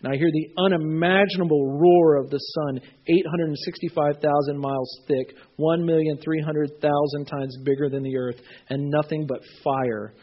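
A husky-voiced male pastor preaching from scripture and telling animated stories. His pitch runs fairly high for a man. The recording sounds dull and lo-fi. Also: moderate pace, few pauses. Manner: animated storytelling, acting out voices. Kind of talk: sermon.

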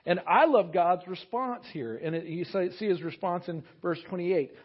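A high-voiced man preaching a lively sermon, acting out quotes and tossing in jokey asides. The recording is dull and lo-fi, captured in a church sanctuary. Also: moderate pace, breathy edge. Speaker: pastor.

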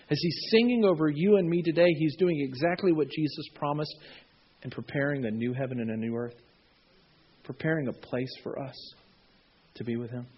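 A man preaching a sermon, reading scripture and telling stories with lively acted-out voices. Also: fairly high pitch, breathy edge. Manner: animated storytelling, acting out voices. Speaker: pastor. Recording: dull, lo-fi sound.

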